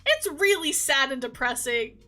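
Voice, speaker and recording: Young woman video creator, high voice, chatty and emotional, laughs a lot. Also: normal speed, soft background music. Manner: animated, emotional, laughs often. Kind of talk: casual chat.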